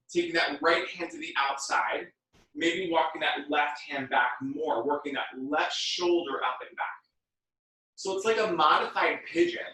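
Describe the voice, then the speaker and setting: A man leading a guided workout class, giving calm breath cues with chatty, joking asides. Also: on the high side. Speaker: fitness and yoga instructor. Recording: very echoey room, mic at a distance.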